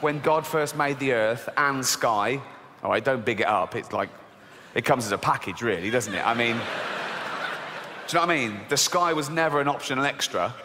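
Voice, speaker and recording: A man's voice: medium pitch, moderate pace, bright, forceful tone, slight background noise. A man with an English accent doing a live stand-up routine in a mocking, sweary way, often laughing through his own lines. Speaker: stand-up comedian. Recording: big theatre echo with audience.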